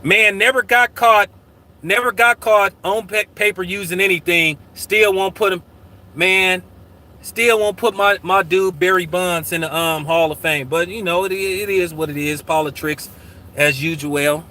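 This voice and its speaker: A man's voice: high voice, fairly even intonation, a little slow, bright, forceful tone. A man hosting his own channel in casual livestream talk, profane and combative. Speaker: channel host.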